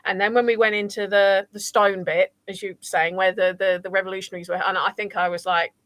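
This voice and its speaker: A woman's voice: mid-range voice, flat delivery, fast talker, fairly bright tone, no echo. Attentive woman podcast host. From England. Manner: attentive listener, frequent short backchannels. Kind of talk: casual chat.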